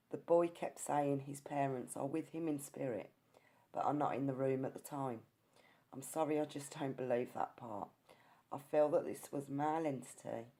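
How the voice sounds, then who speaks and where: With a rumbling low, mellow voice, an English ghost hunter describes her experience in an earnest storytelling manner. Every so often she starts her words over.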